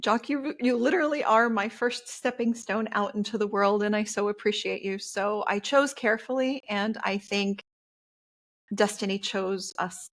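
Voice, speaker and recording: A woman's voice: mid-range voice, steady tone, normal speed. A woman speaking as a podcast guest in an earnest, heartfelt way. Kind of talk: interview conversation.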